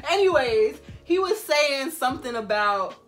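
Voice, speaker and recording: Bright-toned female vlogger, casual and teasing, light music bed. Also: high-pitched, lively intonation, takes it slowly. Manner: playful, teasing interruptions. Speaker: vlogger hosting a Q&A. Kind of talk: casual chat.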